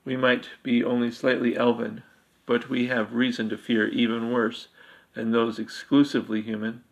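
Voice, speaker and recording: A harsh, menacing cannibal half-elf king from a dark fantasy story, as a man reading it puts him on. He talks in a gravelly, flat voice and demands answers. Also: medium pitch, moderate pace, close to an everyday voice, low-quality recording. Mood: probing.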